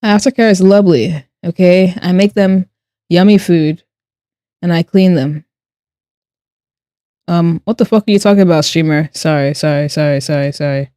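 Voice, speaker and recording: A woman's voice: fairly low pitch, fairly even intonation, moderate pace, pauses often, mellow, dry recording, studio quality. Giggly woman streamer chatting while drawing. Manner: chatty, reads chat aloud and answers with playful sarcasm; giggly, laughs often. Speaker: art streamer. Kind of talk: casual live-stream chat while drawing.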